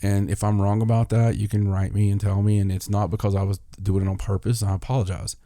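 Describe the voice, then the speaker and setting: Podcast guy with a deep mellow voice, chatty storyteller, dry close mic. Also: quick pace, no echo. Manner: animated, acts out both sides of an argument. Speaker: podcast host. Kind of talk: casual storytelling chat.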